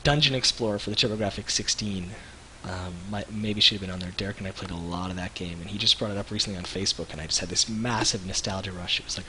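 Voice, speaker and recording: A man in his thirties, co-hosting a livestream, telling rambling animated stories with lots of restarts. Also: on the low side, a little hiss or hum, poor audio. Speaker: web show co-host. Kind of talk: casual livestream chat.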